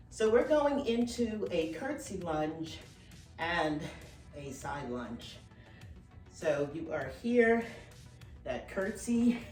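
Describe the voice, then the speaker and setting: A woman's voice: on the low side, darkish tone. A middle-aged woman fitness instructor, slightly out of breath, cueing form and counting reps during a dumbbell workout. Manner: encouraging, counts reps and cues form while exercising. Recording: roomy, from a distance, with faint music.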